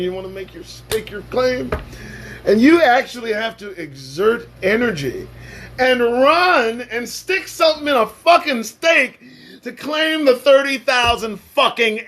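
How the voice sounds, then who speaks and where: A man's voice: sits high, a bit bright. A man hosting a casual live-stream show, talking in a profane, sarcastic and preachy way. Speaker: livestream show host.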